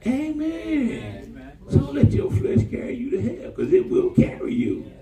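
A man's voice: measured pace, a crowd in the background. A man preaching a sermon to a church congregation, calling for responses and mixing humor with warnings. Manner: call-and-response preaching, jumps to high excited pitch. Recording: roomy church from far off.

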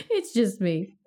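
A woman hosting a casual podcast chat, playful and quick to laugh. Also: mid-range voice, dark tone. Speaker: podcast host.

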